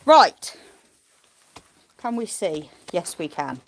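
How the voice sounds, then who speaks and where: A woman with a fairly low-pitched voice speaks at normal speed in a casual live chat with her viewers. She's a smallholder streaming her farm animals on a phone propped on a tripod, and she rambles and restarts as she goes.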